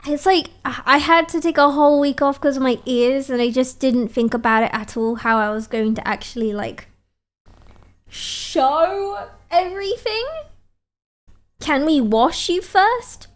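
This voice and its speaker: A woman's voice: high-pitched, moderate pace, few pauses. A woman streamer chatting casually and playfully, reading out viewer messages and teasing back at a desk mic.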